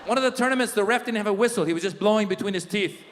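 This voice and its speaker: A middle-aged man telling stories at a live stand-up show, his voice pitched high and full of lively swings. He bursts into shouted character voices. A long reverb fills the big hall, with a faint murmur of crowd behind. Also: racing, a little hiss or hum. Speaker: stand-up comedian. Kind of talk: stand-up comedy set. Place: large live venue.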